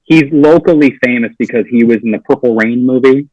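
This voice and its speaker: A comedian guest on a podcast tells a funny story in a brisk, mid-range male voice, animatedly acting out the lines of the people in it. The audio has no echo, but the highs are cut off.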